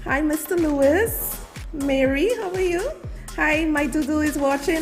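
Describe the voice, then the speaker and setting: A woman's voice: sits high, faint music behind. A woman hosting a live online show, greeting viewers one by one and calling them darling and baby. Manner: lively, drawn-out greetings.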